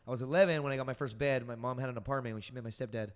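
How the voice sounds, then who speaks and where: A man's voice: medium pitch, fairly even intonation, very fast, in a large hall. A man telling stories as a podcast guest, rambling and profane, full of fillers. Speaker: podcast guest, stand-up comic. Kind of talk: casual storytelling on a podcast.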